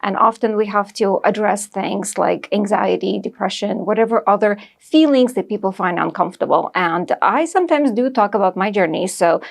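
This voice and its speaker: A woman's voice: medium pitch, normal speed, gravelly, hardly any pauses. A woman from Russia with a Russian accent, a doctor talking as a podcast guest in a candid, self-mocking way. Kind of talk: casual podcast chat.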